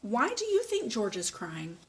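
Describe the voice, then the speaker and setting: A woman reading a picture book aloud slowly and patiently, stopping to ask a child questions. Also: a little high, wildly swooping pitch, breathy edge. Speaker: speech therapist.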